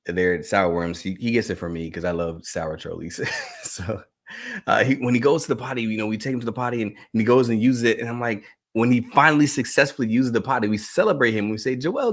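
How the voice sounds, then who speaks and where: Brief: man in his thirties, lower voice, animated live talk to teachers, laughs a lot. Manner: animated storytelling, laughing often. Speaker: educator and speaker.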